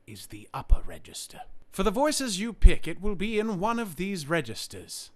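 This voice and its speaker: Aussie guy teaching voice acting, kinda formal, bit high voice, lots of pitch swing. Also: very animated, heavy background noise. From Australia. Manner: formal, deliberate explaining. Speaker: voice acting tutor. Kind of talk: scripted tutorial.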